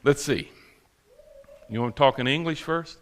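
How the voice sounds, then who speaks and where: A man's voice: mid-range voice, moderate pace, long reverb tail. A male preacher giving a sermon with folksy, humorous storytelling. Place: church sanctuary.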